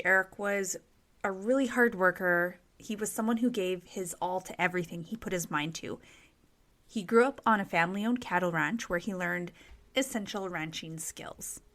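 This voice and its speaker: A woman hosting a true crime podcast, telling stories in a chatty, expressive way and leaning on casual fillers. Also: medium pitch. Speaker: podcast host.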